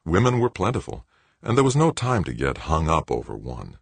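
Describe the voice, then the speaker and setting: A man reading a novel aloud as narrator, in a measured, even storytelling manner. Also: rumbling low, vocal fry, slightly rough, no echo. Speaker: audiobook narrator. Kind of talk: scripted narration.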